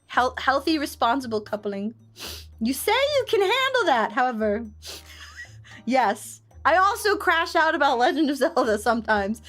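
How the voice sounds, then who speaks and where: A young woman with a high, bright voice chats casually as a streamer, slipping into animated, over-the-top rants. She talks into a desk mic. Soft music plays faintly behind her. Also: moderate pace. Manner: animated, exaggerated ranting. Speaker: VTuber streamer. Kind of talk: casual chat with live chat.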